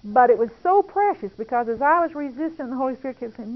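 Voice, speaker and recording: Brief: earnest, confiding woman on prayer, fairly high voice, muffled lo-fi sound. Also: animated, a little fast, a little hiss or hum. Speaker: Christian speaker. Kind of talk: testimony-style talk on prayer. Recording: dull lo-fi recording.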